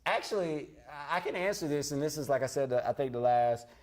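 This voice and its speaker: A man's voice: a little high, lively intonation, brisk. Young male co-host, playful, casual chat, teasing. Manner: playful, jokey, boastful about words. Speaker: youth show co-host. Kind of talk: casual church youth show chat.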